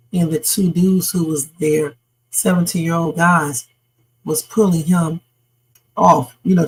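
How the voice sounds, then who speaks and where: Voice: medium pitch, gravelly, slightly rough, poor audio. A livestream host chatting casually about news stories and reading out viewer comments. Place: home streaming setup.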